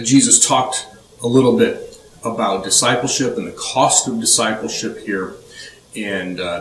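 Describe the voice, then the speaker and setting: A man's voice: lowish voice, fairly bright tone. A man giving a conversational Bible study lesson, listing points and retelling scenes with animation. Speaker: Bible teacher. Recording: roomy, distant mic, faint ambience.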